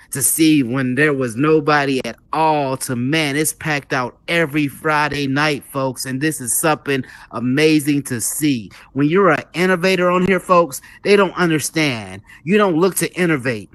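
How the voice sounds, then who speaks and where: A young man hosting a live show in a casual monologue, animated and repetitive, hammering his points home and calling his listeners "folks", a little out of breath. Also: fairly high pitch. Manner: animated, repetitive, preacher-like emphasis, calls the audience "folks".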